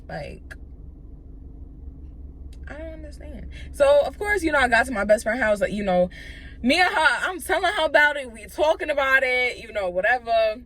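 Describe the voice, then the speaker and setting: A young adult woman vlogger telling a casual, profane story, animated and full of fillers. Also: a little high, moderate pace.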